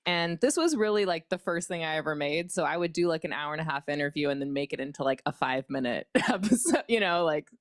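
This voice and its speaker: A woman's voice: sits low, animated, fast talker, hardly any pauses, no room sound, clean studio sound. A woman podcast producer giving a casual workshop talk, chatty and filled with likes and ums.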